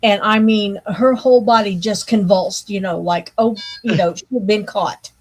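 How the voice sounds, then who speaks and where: A woman co-hosting a craft show, telling an anecdote in a relaxed, casual way. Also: mid-range voice, unhurried, low-quality recording. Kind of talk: casual chat.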